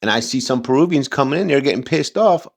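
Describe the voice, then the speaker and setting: A man's voice: medium pitch, expressive, quick pace, creaky. A man hosting a casual reaction commentary, rambling and heated, with many fillers and restarts. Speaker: commentary channel host.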